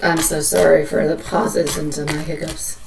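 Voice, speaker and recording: A woman's voice: low-pitched, huge pitch swings, normal speed, creaky, roomy sound, distant mic, very noisy. A woman giving a live tarot reading, speaking tenderly and reassuringly and calling listeners sweetheart. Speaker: tarot reader.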